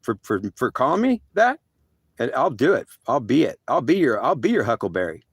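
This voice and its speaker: A man's voice: medium pitch, very animated, brisk, slightly rough, no room sound, clean studio sound. An older man voicing God as a stern, threatening male figure who scolds and repeats his threats.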